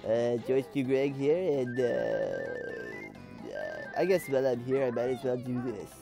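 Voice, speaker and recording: A man's voice: mid-range voice, wildly swooping pitch, unhurried, vocal fry, over music, voice pushed down, exaggerated voice. A man putting on a nasal, stiffly formal nerdy gamer host who slips into swearing. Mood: mock-earnest.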